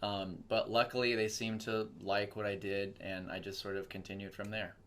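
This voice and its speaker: A man's voice: lowish voice, normal speed. A young man, a voice actor from Texas, chatting casually in an interview and acting out quoted voices as he tells stories. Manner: animated storytelling with quoted voices. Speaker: voice actor guest.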